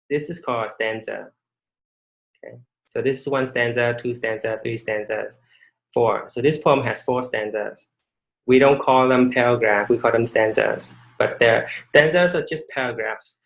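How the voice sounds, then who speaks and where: Casting: male teacher, mid-pitch, halting and repetitive as he lectures an online class. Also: gravelly, fairly bright tone, low-quality recording. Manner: halting, many fillers and restarts, rhetorical questions. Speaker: online English instructor.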